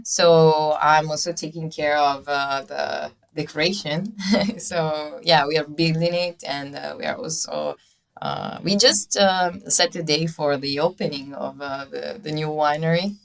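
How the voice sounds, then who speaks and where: A guest winemaker in her twenties from Veneto, Italy, answers questions in English during a casual interview chat, using many fillers and shy laughs. She has an Italian accent and a deep, gravelly voice at a measured pace.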